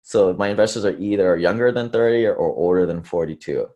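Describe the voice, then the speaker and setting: A man's voice: low-pitched, a little fast, warm tone. A man speaking casually at an investor conference, rambling with fillers and self-deprecating asides. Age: under 30s to early 40s. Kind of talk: casual presentation talk.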